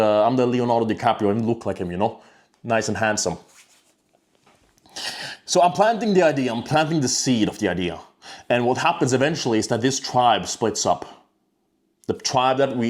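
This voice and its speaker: A man's voice: mid-range voice, darkish tone. Blunt, profane man ranting. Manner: blunt, profane, rambling with many restarts. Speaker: self-improvement vlogger. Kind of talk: casual monologue to camera.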